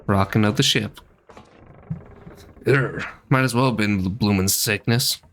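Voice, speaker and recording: A man voicing a chatty sailing merchant in a rough folksy accent he admits he is not good at. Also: fairly low pitch, a little slow, a bit bright. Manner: homely, colloquial, slightly clumsy put-on accent.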